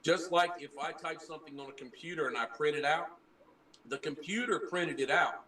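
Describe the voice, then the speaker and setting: A man's voice: a little high, moderate pace, sharp tone, reverberant, far from the mic, a little hiss or hum, poor audio. A man who trained as a preacher, earnestly explaining things in a casual group chat and often restarting his words. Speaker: former preacher.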